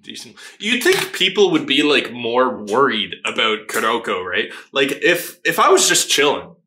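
A man hosting a casual anime reaction, excitable, laughing often and swearing freely as he watches. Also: medium pitch, moderate pace, a little hiss or hum. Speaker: anime reaction channel host. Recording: roomy echo.

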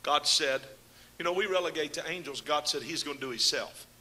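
A man delivers a fiery Pentecostal sermon at a brisk pace, swinging from shouted proclamations to low, chatty asides. He keeps calling out to his congregation.

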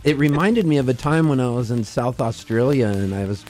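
A man's voice: medium pitch, expressive, a little fast, darkish tone, faint music behind, rough recording. A man guesting in a radio studio, telling a long rambling anecdote with bursts of laughter. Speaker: musician guest. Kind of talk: storytelling on radio. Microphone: studio microphone.

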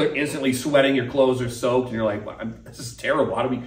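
A man's voice: medium pitch, fairly even intonation, fast talker. A man preaching a casual sermon as pastor, talking conversationally and acting out the voices he quotes. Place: church sanctuary. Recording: echoey room, mic at a distance.

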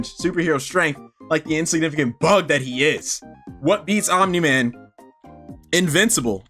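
A man's voice: on the high side, a bit bright. A young man giving casual, sarcastic gameplay commentary, laughing and swearing as he plays. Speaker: gaming video creator.

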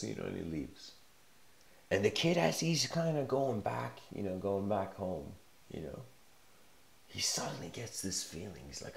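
A man with a low, creaky voice gives a casual spoken lecture at a moderate pace, rambling through a story with plenty of fillers and frequent laughter. The room is echoey, and there's slight background noise.

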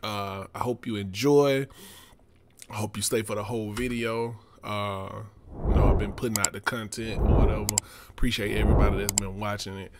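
Heavy background noise sits under a lowish, fairly even-toned male voice at a moderate pace. He's a let's play gamer with a Southern US accent, drawling and chatting in a laid-back way as he plays a survival game for his channel.

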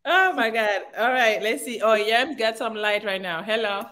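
A woman's voice: fairly high pitch, moderate pace, sharp tone. A woman hosting a live call-in chat, who laughs often and teases her guests. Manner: laughing, teasing. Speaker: host.

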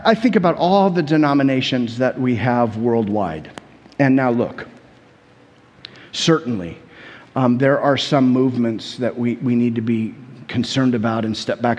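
A man with an American accent preaching a sermon as a pastor, telling stories in a conversational, animated way with many repetitions. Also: medium pitch, in a large hall, dull audio. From United States.

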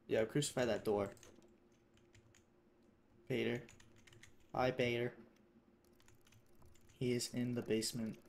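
A man giving casual, profane commentary while playing a game, swinging between mutters and excited shouts. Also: medium pitch, creaky, a little hiss or hum. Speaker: gamer.

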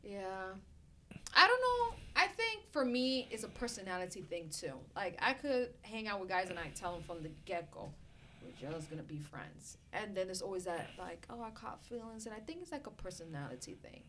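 A woman's voice: medium pitch, moderate pace, slight background noise. A woman co-hosting a casual podcast, laughing often and acting out quoted lines in banter. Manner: animated, laughs often, quotes people in little acted lines. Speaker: podcast co-host.

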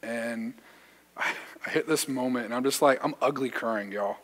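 A young youth pastor preaches a sermon in a church sanctuary, his mid-range, fairly bright voice at normal speed with church hall reverb. He tells a personal story casually, using slang and self-deprecating humor.

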